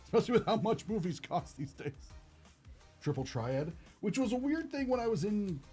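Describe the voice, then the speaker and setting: A man's voice: high-pitched, big pitch swings, normal speed, warm tone, husky, soft background music. A young man hosting a card-opening stream, chatting casually and rambling with lots of fillers. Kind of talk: casual chat while opening cards.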